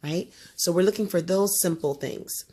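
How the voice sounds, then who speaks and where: A woman teaching a student one-on-one in a homeschool lesson, coaching and often checking understanding with quick tag questions. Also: on the low side, mellow, breathy edge.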